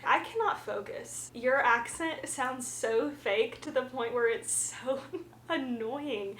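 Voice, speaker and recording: Young woman from the South, casual book vlogger; frank and chatty with lots of fillers, a touch high-pitched, recorded in a roomy space with faint hiss. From Southern United States, the Carolinas. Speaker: book reviewer. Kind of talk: casual chat.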